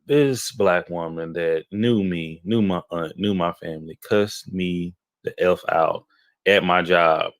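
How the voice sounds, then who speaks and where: Low-voiced man telling rambling stories. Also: slow pace, no echo. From Houston, Texas. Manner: animated, rambling anecdotes with frequent "okay?" check-ins. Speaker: podcast co-host. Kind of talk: casual storytelling chat.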